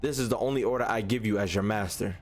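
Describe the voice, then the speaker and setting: A man's voice: fairly low pitch, quick pace, faint music behind, voice pushed down. A man reading as a mocking vengeful witch-saint. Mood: cruel.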